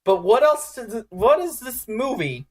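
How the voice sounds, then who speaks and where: Unhurried man hosting a geek podcast. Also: extremely high pitch, sing-song. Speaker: podcast co-host. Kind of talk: casual podcast chat.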